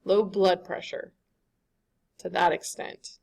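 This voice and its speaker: A woman's voice: medium pitch, normal speed, gravelly. A woman giving a classroom lecture, conversational and often checking in with the students.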